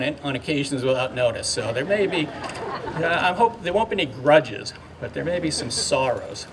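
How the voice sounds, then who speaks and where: An older man giving a ceremonial speech outdoors, halting and heartfelt, with many fillers and restarts. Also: on the high side, fairly bright tone, a little hiss or hum. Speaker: speaker at a memorial dedication. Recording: distant mic, faint outdoor ambience.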